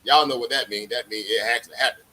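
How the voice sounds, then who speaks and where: A man's voice: mid-range voice, fast talker, sharp tone, low-quality recording. A man hosting a livestream in casual chat, laid-back and slangy, laughing often. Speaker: livestream host.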